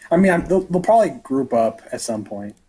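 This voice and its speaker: A woman with an unusually deep voice tosses out teasing, nerdy jokes in loose chat around a tabletop game. Other people's chatter is clearly heard behind her. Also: very animated, moderate pace. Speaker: player in a tabletop game podcast. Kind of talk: casual banter among friends.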